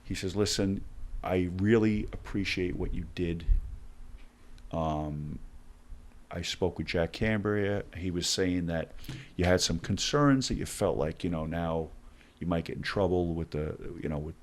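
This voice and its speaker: A very low-voiced, middle-aged man recounts his time as a hostage negotiator while guesting on a podcast. His pace is measured, yet he talks in conversational bursts and brings the dialogue to life in lively turns.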